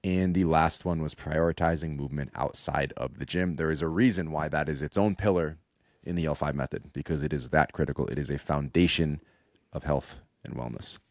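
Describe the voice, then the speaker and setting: Podcast co-host, young man, deep and dry, direct and upbeat. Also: fairly even intonation, fairly quick, no echo. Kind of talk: casual podcast chat.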